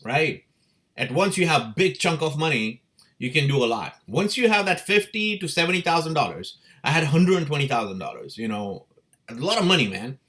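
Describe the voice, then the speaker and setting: A man hosting his own stream, telling his life story in a casual, animated way, swearing and laughing often. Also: mid-range voice. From India. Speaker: crypto livestream host.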